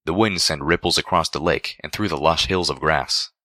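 A man narrating a fan fiction story aloud in a steady reading voice. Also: extremely low pitch, moderate pace, no echo, clean studio sound.

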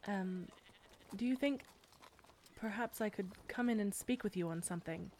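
A woman voicing a shy, war-weary female knight commander in an audio role-play, speaking hesitantly with soft fillers. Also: medium pitch, moderate pace, slight background noise, natural voice. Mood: shy, tender.

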